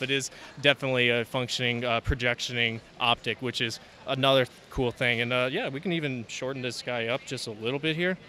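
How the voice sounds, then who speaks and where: A man casually showing off his handmade models at a convention, talking as he demonstrates with a relaxed manner and many fillers. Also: medium pitch, a little hiss or hum. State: out of breath. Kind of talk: casual show-and-tell. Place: convention hall, indoors.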